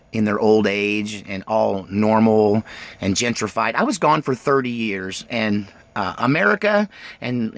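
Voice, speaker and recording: A man in his forties telling his life story in an animated, rambling way. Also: mid-range voice, creaky, no echo.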